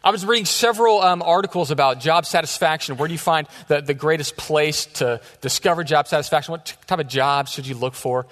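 A man's voice: fairly high pitch, a little fast, few pauses, a bit bright. A man in his thirties, a youth pastor preaching a sermon in a casual, joking storytelling way. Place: church sanctuary. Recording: echoey church hall.

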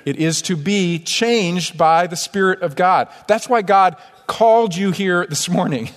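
A man's voice: high voice, a little slow. A man from upstate New York preaching a sermon as pastor, conversational and self-deprecating, in a church sanctuary. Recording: long church hall reverb.

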